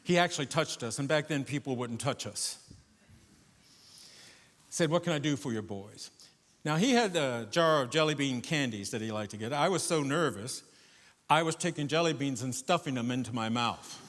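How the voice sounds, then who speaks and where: An older man performing a solo stage monologue, animated, going from loud emphasis to hushed asides. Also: medium pitch, moderate pace. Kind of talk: theatrical storytelling monologue. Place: theater stage before a live audience. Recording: echoey theater with long reverb.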